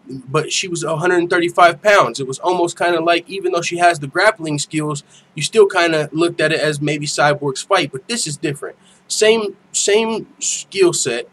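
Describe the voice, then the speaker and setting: A man's voice: fairly high pitch, a bit bright, a little hiss or hum. A man hosting an MMA podcast in loose, slangy casual chat, laughing often. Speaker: podcast host.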